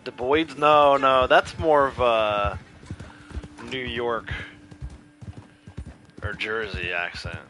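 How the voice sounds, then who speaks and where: A man's voice: medium pitch, slow, pauses often, pushed and bright, soft background music. A man with a Connecticut accent chatting casually and rambling easily as he streams a game. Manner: laid-back, rambling, chuckling. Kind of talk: casual chat while streaming gameplay.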